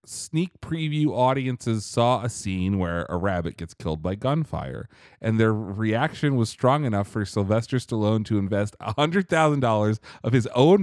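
A man's voice: mid-range voice, no room sound, clean studio sound. A man co-hosting a casual podcast, recapping a movie's plot and reading trivia, laughing along. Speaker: podcast co-host.

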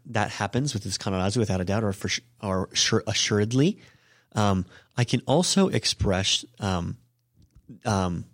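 A man's voice: lowish voice, no room sound, studio quality. A man hosting a podcast language lesson, explaining Japanese grammar casually with frequent ums and self-corrections. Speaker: host and Japanese teacher.

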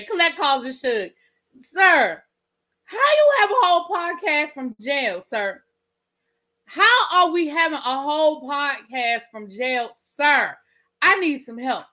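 A woman talks straight to her listeners in a loose, chatty gossip style, full of disbelieving questions. Her voice is bright and a little high, and she keeps it animated. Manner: animated, incredulous, laughing asides. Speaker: podcast host. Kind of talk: casual celebrity gossip commentary.

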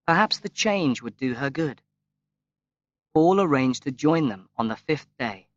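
Slow, measured male audiobook narrator. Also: medium pitch, no echo. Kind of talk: scripted narration. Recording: dull, lo-fi, dry recording.

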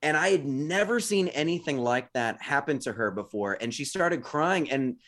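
Casting: man in his thirties, podcast co-host, slightly high voice, loose and rambling delivery. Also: expressive, moderate pace, fairly bright tone. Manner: rambling storyteller, many fillers like "like". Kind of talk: casual chat.

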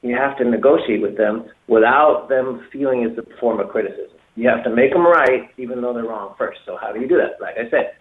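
A man's voice: medium pitch, fairly quick, few pauses. A man giving emphatic dating advice on a talk show, repeating himself and acting out example phrases. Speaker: dating coach. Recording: echoey, tinny phone-like sound.

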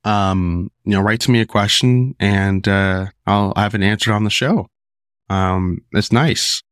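A deep-voiced man hosting his podcast while sick, his voice rough. He rambles casually with many ums and restarts. The sound is dry and close. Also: unhurried, a bit bright, no echo. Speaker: podcast host. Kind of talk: casual solo podcast talk.

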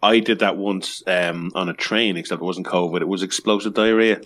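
A man's voice: low-pitched, fairly even intonation, moderate pace, a bit bright. A man co-hosting a podcast in casual chat, joking, swearing and reading news items aloud. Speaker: podcast co-host.

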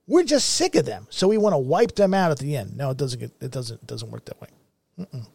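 A man's voice: mid-range voice, expressive, brisk, creaky, darkish tone, breathy edge, no room sound. A middle-aged man hosting a commentary show, ranting in a blunt, profane and heated way. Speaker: show host.

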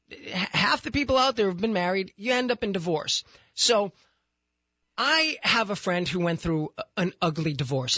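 A man hosting a talk radio show, telling a story in an animated, exasperated way. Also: a little high, no echo, lo-fi sound. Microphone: studio microphone.

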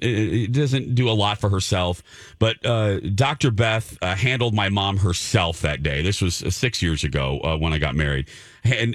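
A man hosting a radio talk show, speaking in an effusive, animated way with frequent stumbling restarts. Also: lowish voice, dry recording, studio quality. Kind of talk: excited casual chat.

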